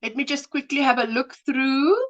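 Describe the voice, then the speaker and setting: A woman's voice: high voice, fairly even intonation, moderate pace, muffled recording. A woman co-hosting a casual crochet livestream, reading out viewer comments fondly and laughing often. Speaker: livestream co-host.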